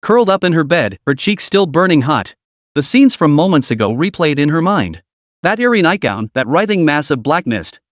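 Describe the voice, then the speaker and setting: A man narrating a comic story recap in steady, scripted storytelling. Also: a little high, normal speed, dry recording, clean studio sound.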